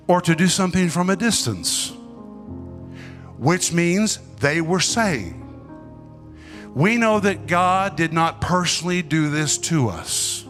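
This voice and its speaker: A man preaching a sermon with emphatic, dramatic delivery, pausing and swinging between loud and soft. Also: on the high side.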